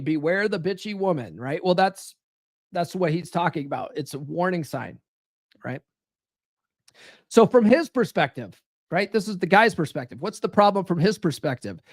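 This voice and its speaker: A man's voice: high voice, no echo, studio quality. A middle-aged man giving blunt, profane relationship advice on a live stream, rambling with frequent restarts. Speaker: relationship coach.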